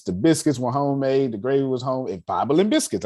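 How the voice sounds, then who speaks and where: A man in his thirties teaching personal finance as a lively motivational lecture, an emphatic storyteller who repeats phrases for effect. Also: mid-range voice, quick pace. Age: 30s.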